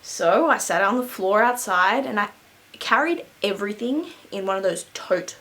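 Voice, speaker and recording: A woman's voice: mid-range voice, lively intonation, normal speed, bright, forceful tone, poor audio. A young adult woman vlogger telling a school story casually, rambling with lots of fillers and frequent laughs. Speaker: beauty vlogger.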